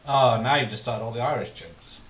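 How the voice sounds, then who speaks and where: A man's voice: mid-range voice, a little fast, a bit bright. A man hosting a film watch party over a call, chuckling often and making dry, teasing remarks. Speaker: channel host. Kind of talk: casual watch-party chat. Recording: echoey room with faint hiss.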